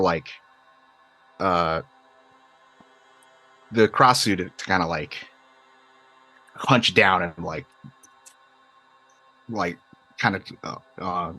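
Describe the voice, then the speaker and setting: A man's voice: low voice, pushed and bright. A man running a tabletop game, describing scenes loosely with lots of fillers, over faint music. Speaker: game master.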